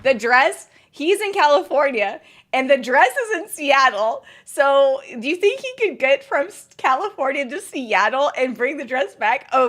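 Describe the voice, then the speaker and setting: High-voiced giggly woman streamer. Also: unhurried. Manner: giggly, excitable storytelling. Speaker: game streamer. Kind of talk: casual chat.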